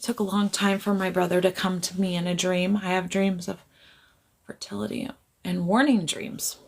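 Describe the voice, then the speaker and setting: A woman's voice: lowish voice, fairly even intonation, normal speed. A woman psychic medium chatting casually on a livestream. She laughs often, keeps apologizing and gets easily sidetracked, speaking to a camera on a tripod.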